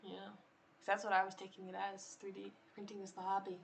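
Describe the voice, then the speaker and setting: Woman, middle pitch, casual chat, short agreeable replies, faint background noise. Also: completely flat delivery, fast, vocal fry. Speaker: co-judge.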